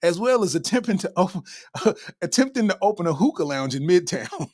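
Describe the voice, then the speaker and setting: A man hosting a comedy podcast, reacting loudly to a news story with exclamations, laughter and repeated punchlines. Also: sits high, big pitch swings, fairly quick. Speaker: podcast host. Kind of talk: comedic commentary.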